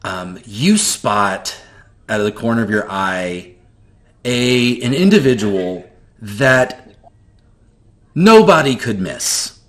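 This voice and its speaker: A man narrating a tabletop game as game master, talking in a relaxed, descriptive way with many fillers. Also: lowish voice, slow, pauses often.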